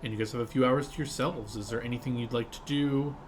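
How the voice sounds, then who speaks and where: A man's voice: medium pitch, fairly even intonation, fast, slight background noise. Rambling male game master. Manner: loose, rambling, filler-heavy narration. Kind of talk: narrating a tabletop game.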